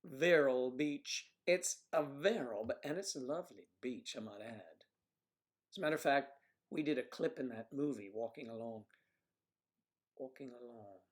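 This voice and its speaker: A man in the middle of the usual pitch range hosts a casual livestream from his computer. He rambles through stories and viewer messages and drops into soft muttering as he clicks between pages. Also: expressive, moderate pace. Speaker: livestream host.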